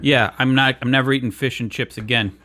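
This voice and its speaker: A man's voice: medium pitch, fairly even intonation, brisk, pushed and bright, a little hiss or hum. A man co-hosting a podcast in casual comedic chat, bemused and playful, talking into a studio microphone indoors. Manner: bemused, playful back-and-forth. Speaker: podcast co-host. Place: indoors in Los Angeles.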